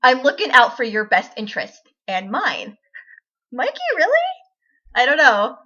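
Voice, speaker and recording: A woman's voice: on the high side, sing-song, normal speed, bright, forceful tone. Giggly young woman vlogging. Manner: giggly, rambling, self-deprecating. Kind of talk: casual chat to camera. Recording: dull lo-fi webcam audio.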